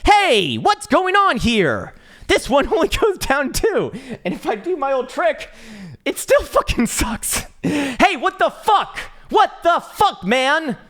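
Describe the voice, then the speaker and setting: A man's voice: huge pitch swings, takes it slowly, full character voice. A man voicing a frantic male crypto bagholder who squeals and curses at the analyst. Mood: furious. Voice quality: high strained squeal, yelling and cursing. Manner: frantic, mocking, shouty.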